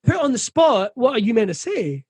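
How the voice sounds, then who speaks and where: A man's voice: very high voice, very animated, brisk, a little mellow, husky, dry recording. A middle-aged Scottish comedian talking candidly in an interview, swearing freely and acting out the voices of people he quotes. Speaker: comedian guest.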